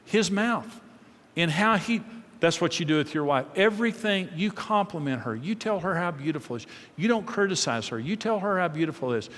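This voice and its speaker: A man's voice: on the high side, a bit bright. Middle-aged man teaching in an echoing hall. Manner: conversational, repeats words, tells anecdotes. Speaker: marriage teacher. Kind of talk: teaching talk to a live audience. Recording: long reverb of a large hall.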